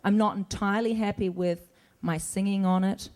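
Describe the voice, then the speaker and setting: A woman's voice: medium pitch, fairly even intonation, moderate pace, darkish tone. A middle-aged woman answering fan questions on a convention stage in a chatty, rambling way, laughing often. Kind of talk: casual stage Q&A. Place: convention stage before an audience.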